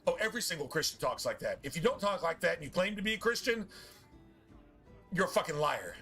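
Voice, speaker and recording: A man's voice: a little high, sing-song, quick pace, sharp tone, soft background music. A man streaming a game and ranting casually, swearing often in a preachy, emphatic way. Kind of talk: casual rant while gaming.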